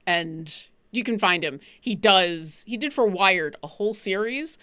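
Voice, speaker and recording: A woman from Buffalo talks in a casual live-stream chat. She is animated and emphatic, wandering from point to point at a middling pitch. Her voice sounds dry and close, with no room around it. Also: a little slow, dry recording. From Buffalo, New York. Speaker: stream co-host.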